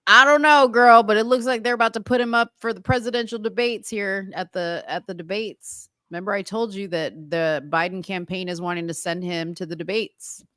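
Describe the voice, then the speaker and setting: A woman's voice: medium pitch, steady tone, brisk, hardly any pauses, fairly bright tone, no room sound, studio quality. A woman co-hosting a casual talk show, chatty and rambling, agreeing along with her partner. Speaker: podcast co-host. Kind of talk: casual chat.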